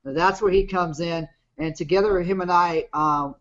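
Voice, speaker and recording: A man's voice: high voice, fairly even intonation, normal speed. A man in his fifties telling his personal story on a webinar in a plain-spoken, rambling way. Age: 50s. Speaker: guest business partner. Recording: muffled lo-fi video call audio.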